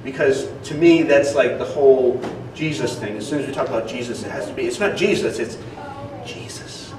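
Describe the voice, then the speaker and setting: A man's voice: medium pitch, a little fast, a crowd in the background. Casual man preaching in an echoey hall. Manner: casual, conversational preaching with frequent fillers. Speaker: pastor. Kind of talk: sermon. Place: church hall. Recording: echoey hall, distant mic.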